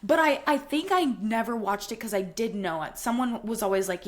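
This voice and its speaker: A young woman in her twenties chats on a podcast she co-hosts, telling stories with big dramatic flair. Her voice sits fairly high and she swears casually as she talks. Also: a little fast. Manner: animated, swearing, dramatic storytelling. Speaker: podcast co-host. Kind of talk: casual chat.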